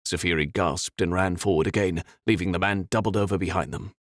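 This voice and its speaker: A man reading a fantasy audiobook in an expressive, dramatic way. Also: sits low, fairly quick, dry recording, studio quality. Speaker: audiobook narrator. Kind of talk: scripted fantasy narration.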